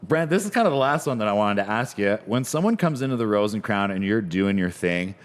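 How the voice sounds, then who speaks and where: A man's voice: on the low side, expressive, a little fast, big-room sound. A man hosting a podcast in a pub's back bar, easygoing and asking open questions in casual chat. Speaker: podcast host.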